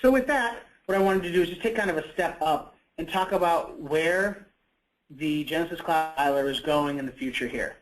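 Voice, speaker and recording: A man presenting in a business webinar with a somewhat high voice. He talks in a loose, conversational way, often saying "you know" and correcting himself partway through sentences. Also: normal speed, rough recording. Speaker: product presenter.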